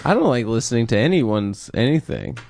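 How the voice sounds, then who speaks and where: A man co-hosting a comedy podcast, talking casually with a dry, deadpan manner. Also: mid-range voice, a little fast, gravelly. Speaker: podcast co-host.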